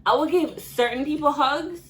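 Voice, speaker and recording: A woman's voice: high-pitched, moderate pace, a bit bright, low-quality recording. A young adult woman retelling a work story in a loose vlog, with many fillers and restarts. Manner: rambling, filler-heavy retelling. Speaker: vlogger.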